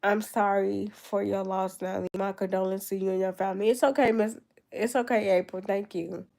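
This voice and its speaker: A woman's voice: medium pitch, steady tone, fairly quick, creaky, darkish tone. A nineteen-year-old woman with a cold and a stuffed-up nose, rambling in casual chat with her viewers on a livestream. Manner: rambling, answering chat comments.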